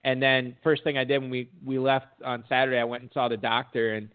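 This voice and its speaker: A man's voice: mid-range voice, brisk. Storytelling man on a tinny phone line. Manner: animated, laughs while telling stories. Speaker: podcast guest. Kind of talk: casual storytelling.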